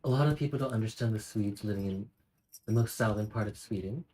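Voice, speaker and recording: Northern Californian streamer, rambling and mellow. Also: medium pitch, fast talker, slight background noise, rough recording. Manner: rambling, chatty, thinks aloud while answering chat. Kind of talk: casual livestream chat with viewers.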